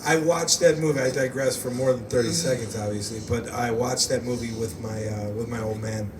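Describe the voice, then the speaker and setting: A man's voice: medium pitch, steady tone, a little fast, a crowd in the background. A man from the United States hosting a podcast, telling rambling stories in casual chat and laughing often. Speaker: podcast host. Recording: roomy, distant mic, faint background noise.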